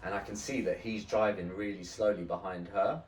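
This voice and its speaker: A man hosting a podcast, telling a story in a casual, animated way, swearing often and acting out the people in it. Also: low voice, brisk, roomy sound, far from the mic, slight background noise. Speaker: podcast host.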